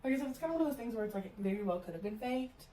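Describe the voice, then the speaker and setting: Chatty, slightly high-voiced tired woman. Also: animated, rapid-fire, reverberant, a crowd in the background. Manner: self-deprecating, chatty, laughing. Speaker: friend of the vlogger. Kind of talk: casual late-night chat.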